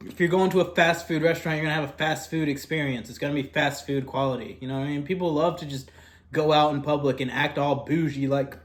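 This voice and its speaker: A young man talking casually about fast food in an eating vlog. He rambles, fills pauses with "like" and "kinda", and talks while eating. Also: fairly high pitch, fairly even intonation. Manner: rambling, filler-heavy, drifting softer and louder. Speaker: food vlogger.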